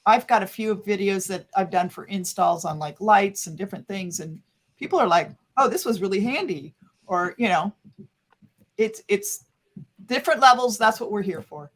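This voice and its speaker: A woman's voice: mid-range voice, lively intonation, moderate pace. An older woman, a grandmother who rides motorcycles, talking candidly and encouragingly in a casual group chat. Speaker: motorcycle rider.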